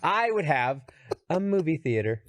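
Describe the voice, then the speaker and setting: A man's voice: fairly high pitch, big pitch swings, unhurried. A man on a podcast musing playfully in casual banter. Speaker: podcast host. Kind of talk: casual chat.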